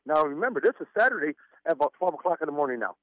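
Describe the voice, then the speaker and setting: A man calls in over a dull, muffled phone line, his voice a little high for a man. He stammers and laughs nervously as he tells his story. The sound is close and dry. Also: sing-song, racing, fairly bright tone, no echo. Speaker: caller. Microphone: telephone.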